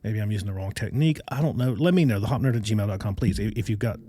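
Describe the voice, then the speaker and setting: A man hosting his own podcast, chatting casually and enthusiastically into a desk microphone, with lots of fillers and quick laughs. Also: fairly low pitch, mellow, breathy edge, dry recording. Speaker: podcast host. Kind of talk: casual solo podcast chat.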